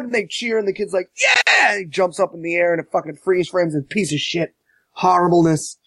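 A man's voice: sits high, fast talker, no room sound. A man ranting sarcastically and profanely about a movie in a casual podcast chat, acting out quotes. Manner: sarcastic, profane, mocks quotes with shouted voices.

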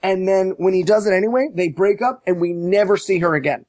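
A man casually recapping a movie on a podcast, animated and profane, mocking as he tells it. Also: high voice, fairly quick, no echo. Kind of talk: casual chat.

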